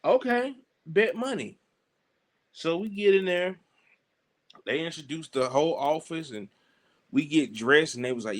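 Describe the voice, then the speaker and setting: A young man with a Southern US accent, telling animated stories on a podcast and acting out the voices of people he quotes. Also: on the high side, unhurried, pauses often. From Southern United States. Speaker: podcast guest. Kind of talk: casual storytelling.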